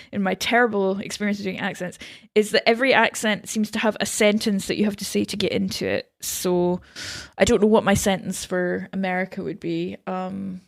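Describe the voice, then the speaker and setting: Nz woman on a podcast, laughy, pokes fun at herself, mid pitch. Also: steady tone, moderate pace, gravelly. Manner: laughs often, self-deprecating. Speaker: podcast guest. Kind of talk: casual chat.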